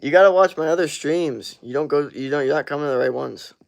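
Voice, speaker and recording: A man in his twenties, just out of the shower, livestreams and chats casually with viewers, reacting to their comments with lots of swearing. His voice is a little high and gravelly, and he talks fast in a laid-back way.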